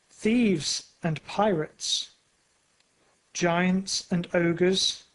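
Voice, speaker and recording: A narrator reading a storybook aloud for language learners in a clear, carefully paced way. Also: medium pitch, low-quality recording.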